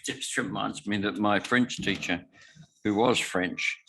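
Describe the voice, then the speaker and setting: A deep-voiced older Australian man delivering a talk on scripture. He pauses often with "uh" sounds and brings in dry humor, his low voice unhurried and conversational. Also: sharp tone, breathy edge. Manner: halting, many filler sounds, dry humor. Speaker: guest speaker. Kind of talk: lecture on scripture.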